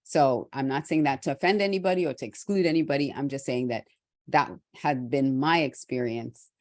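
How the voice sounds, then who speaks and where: A middle-aged woman from Trinidad hosting a motivational talk, speaking candidly and reflectively with restarts and soft laughs. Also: rumbling low, no echo, clean studio sound. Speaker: host.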